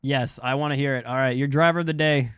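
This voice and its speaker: A man hosting a sim racing league live stream, rambling excitedly and talking to his chat. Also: medium pitch, fast talker, clean tone, no room sound, studio quality. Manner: hyped, rambling, talks to chat. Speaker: streamer and race league host. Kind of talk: casual live-stream commentary.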